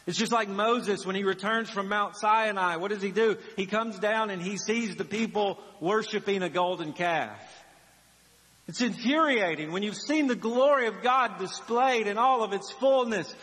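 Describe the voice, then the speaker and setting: A man's voice: sits high, moderate pace, fairly bright tone. A man preaching a sermon as a pastor, dramatic and acting out the voices in the story he tells. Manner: dramatic, acts out the biblical voices. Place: church sanctuary. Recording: long reverb of a church hall.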